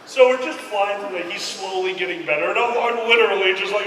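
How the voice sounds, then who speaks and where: A man's voice: sits high, fairly quick, few pauses, a little hiss or hum. A man casually telling a comic story with lots of swearing and acted-out quotes, laughing as he goes. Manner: animated, acts out quotes, swears, laughs often. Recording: echoey hall, voice from far off.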